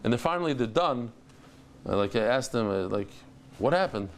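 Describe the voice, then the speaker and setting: Lively man teaching Talmud. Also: medium pitch, brisk, a little hiss or hum. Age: over 50. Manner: storytelling, exclaiming and acting out dialogue. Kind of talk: animated Talmud lesson.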